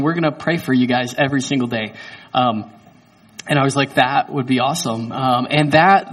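A man in his thirties preaching in a church hall, telling a personal story in an animated, self-mocking way. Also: on the high side. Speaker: pastor. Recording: voice distant from the mic.

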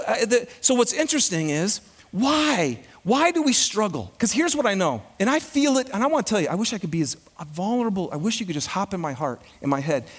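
A male pastor preaching a sermon in an animated way, throwing questions out to the congregation. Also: high-pitched.

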